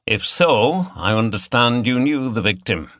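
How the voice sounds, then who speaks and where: A man's voice: mid-range voice, animated, unhurried, fairly bright tone, no room sound, clean studio sound. A man reading the part of a male chief inspector who is courteous, firm and direct. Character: polite, persistent male police chief inspector.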